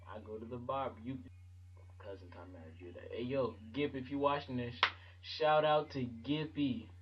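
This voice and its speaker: A man telling a funny story in his vlog, talking in an animated, slangy way and jumping into voices. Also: mid-range voice, dull audio. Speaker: vlogger.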